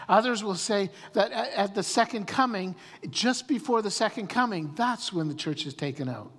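Pastor guy preaching, high voice, keeps stammering "and, and, and", big echoey hall. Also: normal speed. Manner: animated, repeats words when starting sentences. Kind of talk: sermon.

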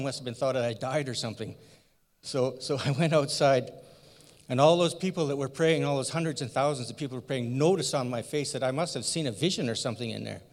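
Man doing an elderly biblical priest as a folksy, plain-spoken storyteller; mid-pitched voice, echoing through a big church. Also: lightly acted. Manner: folksy, earnest, rambling storyteller. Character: elderly priest Zechariah retelling his angel encounter. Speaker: church member in a sermon skit. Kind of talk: first-person dramatic monologue. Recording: long church hall reverb.

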